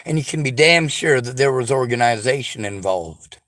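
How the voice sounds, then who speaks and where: A man's voice: mid-range voice, expressive, normal speed, fairly bright tone, no echo, clean studio sound. A man delivering a sarcastic, profanity-laced rant straight to his audience. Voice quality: sarcastic, combative. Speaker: vlogger. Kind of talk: angry profane rant to camera.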